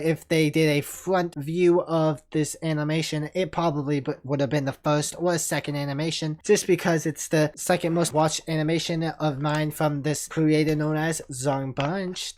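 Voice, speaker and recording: Rambling casual channel host. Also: medium pitch. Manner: relaxed, rambling, leans on "you know". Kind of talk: casual ranking commentary.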